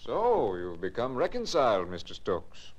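An actor playing a suave, sinister asylum director who speaks with smooth menace, in 1940s radio acting. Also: male voice, mid-range voice, wildly swooping pitch, measured pace, dull audio. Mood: silky menace.

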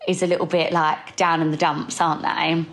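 Young female co-host, heavily pregnant, low-ish voice, casual chatty delivery. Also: flat delivery, moderate pace, a bit bright, poor audio. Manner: chatty, upbeat, planning aloud. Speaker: podcast co-host. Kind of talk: casual chat.

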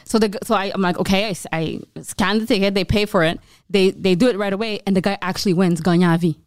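A young woman from Montreal, a comedian, telling stories in casual podcast chat with lots of halting restarts. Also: mid-range voice, fairly even intonation, no room sound, clean studio sound. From Montreal, Quebec.

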